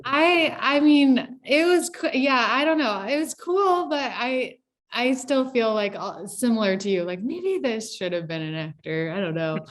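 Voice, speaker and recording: A woman's voice: fairly high pitch, animated, unhurried. A woman who is a guest on a podcast, talking casually and a bit hesitantly. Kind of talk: casual interview chat.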